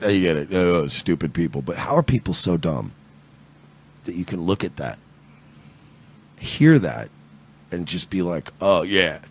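A man's voice: sits low, gravelly, slightly rough. A man hosting a podcast, ranting and swearing in an angry, exasperated way. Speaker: podcast host. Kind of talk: profane casual commentary.

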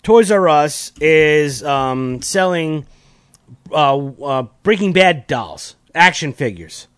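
A man's voice: fairly high pitch, animated, takes it slowly, clean tone, dry recording, studio quality. A man co-hosting a casual, crude comedy chat, giggling and rambling with repeated catchphrases. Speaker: podcast co-host.

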